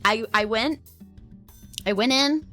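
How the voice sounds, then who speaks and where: Slow-talking, high-voiced young woman streamer. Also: faint music behind. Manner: animated, laughing often, breaking into high squeals. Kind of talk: casual storytelling to a stream.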